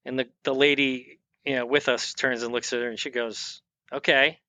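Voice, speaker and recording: A man's voice: mid-range voice, level tone, moderate pace, sharp tone, no echo. A man guest on a podcast, casually telling a rambling story full of restarts and acted-out quotes. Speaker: guest, firearms expert and veteran.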